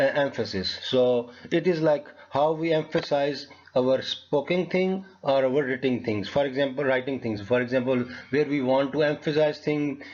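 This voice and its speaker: A man teaching a lecture on logic fallacies, talking in a halting way with many fillers and restarts. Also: mid-range voice, a little mellow, lo-fi sound.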